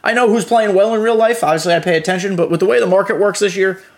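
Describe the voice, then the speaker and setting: A man's voice: high-pitched, fast. A young adult man hosting a podcast, giving loose, profane gaming commentary full of fillers. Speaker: podcast host.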